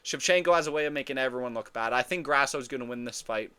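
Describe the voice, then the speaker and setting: A man hosting a casual fight breakdown, talking in an excitable, profane way and often repeating and correcting himself. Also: medium pitch, fast talker, clear, resonant tone. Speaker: MMA fight predictions host.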